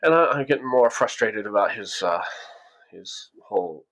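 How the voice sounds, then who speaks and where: A man's voice: fairly low pitch, expressive, moderate pace, fairly bright tone. A man casually telling a story from his own past, rambling with frequent restarts and acting out what people said.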